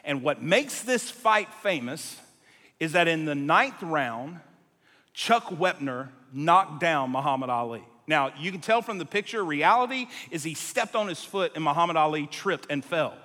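High, bright-voiced animated male preacher. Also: unhurried. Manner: animated, jumps between tangents, acts out quotes. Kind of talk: sermon storytelling to a live congregation. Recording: long reverb of a large hall.

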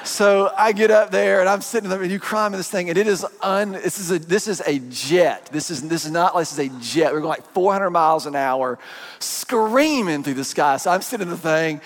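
A man preaching a sermon, telling a personal story in an animated, joking way to his congregation. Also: high voice, normal speed. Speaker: pastor. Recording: long hall reverb.

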